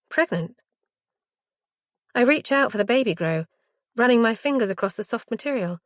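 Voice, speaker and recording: A woman narrating a first-person thriller audiobook in a measured, hushed delivery. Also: a little high, dry recording, clean studio sound.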